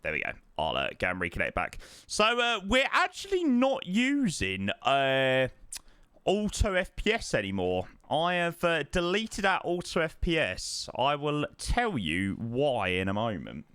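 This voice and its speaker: A man live-streaming a flight sim, chatting excitedly and thanking subscribers, calling everyone mate. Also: fairly high pitch, measured pace, clear, resonant tone, dry recording. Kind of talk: live stream chat while flying.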